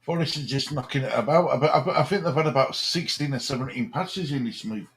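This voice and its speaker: A man's voice: mid-range voice, brisk, a bit bright. Dry-spoken man co-hosting. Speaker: co-host. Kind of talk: casual live match commentary.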